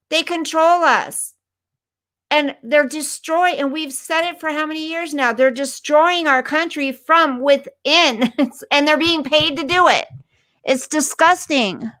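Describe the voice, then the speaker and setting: A woman's voice: high-pitched, sharp tone, no room sound. A woman hosting a casual livestream, ranting indignantly, swearing, and reading news aloud to her viewers. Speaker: livestream host.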